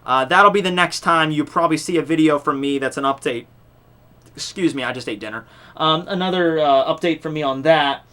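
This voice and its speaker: A man's voice: a little high, a little fast, sharp tone. A young man hosting a fan contest on his channel, talking to viewers in a rambling, casual way with lots of fillers, restarts and offhand swearing. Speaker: YouTube channel host running a fan contest. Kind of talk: casual unscripted talk to viewers.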